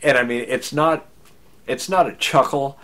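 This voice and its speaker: A man's voice: mid-range voice, unhurried, a bit bright. An American man telling a personal story in a wry, self-deprecating, casual way. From United States.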